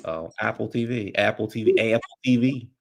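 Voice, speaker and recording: A man with a fairly low voice hosts a casual livestream chat into his streaming mic. He rambles loosely, circling back with plenty of "like" and restarts. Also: moderate pace, vocal fry. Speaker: livestream host. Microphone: streaming microphone.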